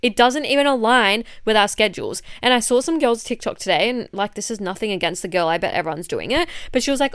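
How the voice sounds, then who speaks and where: A woman's voice: fairly high pitch, lively intonation, fast, hardly any pauses, fairly bright tone, clear, resonant tone, no room sound, studio quality. A woman with an Australian accent, a fitness coach and podcast host who is a bit unwell, talking in a blunt, chatty, swear-heavy way. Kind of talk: casual chat monologue.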